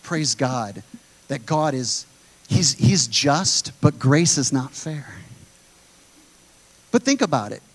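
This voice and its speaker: Preaching slowly with frequent pauses, a pastor with a medium-pitched voice and big swings in intonation addresses his congregation directly. His sermon relies on emphatic repetition to make each point land.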